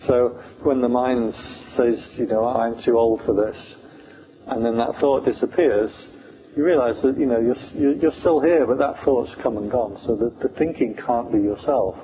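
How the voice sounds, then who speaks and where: A British Buddhist monk teaches meditation in a relaxed, funny talk, speaking at a normal speed with a medium-pitched, steady voice. He is chatty and humorous and uses lots of fillers. The audio sounds tinny, like a phone, with faint hiss.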